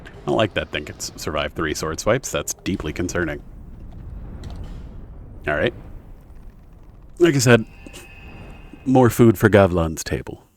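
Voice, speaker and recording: A man's voice: low-pitched, animated, a little slow, pauses often. A young man streaming a video game, rambling casually with lots of fillers and self-corrections. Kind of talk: casual gameplay commentary.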